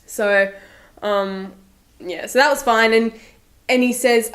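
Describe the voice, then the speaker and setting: A woman's voice: fairly high pitch, steady tone, slow pace, long pauses, a bit bright. A young Australian woman with an Australian accent, telling a story in a casual, self-deprecating vlog and laughing often. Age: young adult. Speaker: vlogger.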